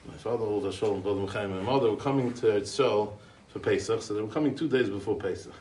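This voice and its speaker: An American man eulogizes someone through a rambling string of anecdotes, talking at a quick pace in a lowish, slightly mellow voice. Yiddish and Hebrew yeshiva terms fill his English, punctuated by chuckles and restarts. The roomy, distant-mic recording has slight background noise.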